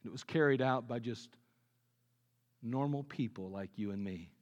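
A man preaching a sermon with earnest conviction, dropping low and quiet on his key points. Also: normal speed, highs cut off. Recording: long reverb of a large hall.

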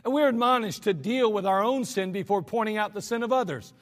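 The pastor's voice sits high and moves fairly quickly as he gives an earnest, conversational sermon with humorous asides. It comes from an archived service in a church sanctuary, where long hall reverb colors the sound.

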